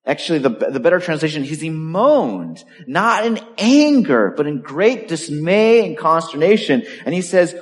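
A man preaching a sermon in an emphatic, animated way, leaning hard on key words. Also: a little high, normal speed. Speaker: pastor. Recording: long hall reverb.

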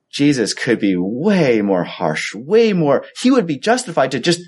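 Speaking at a normal rate with hardly a pause, a pastor delivers a sermon in a chatty, storytelling style. His medium-pitched voice is slightly rough, and he livens up to act out dialogue, especially his own quoted lines.

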